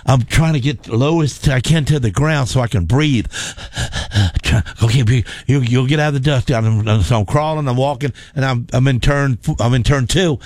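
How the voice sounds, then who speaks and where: Man, casual, rambling, animated, laughs a lot, dry voice. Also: mid-range voice, no room sound. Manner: animated, repetitive, folksy, laughs often. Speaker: race car driver telling a story. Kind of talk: casual storytelling chat.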